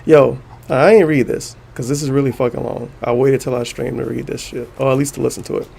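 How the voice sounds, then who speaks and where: A man's voice: mid-range voice, fairly even intonation, brisk, vocal fry, warm tone, breathy edge. A man streaming and reading posts aloud, sarcastic and mocking, with frequent swearing.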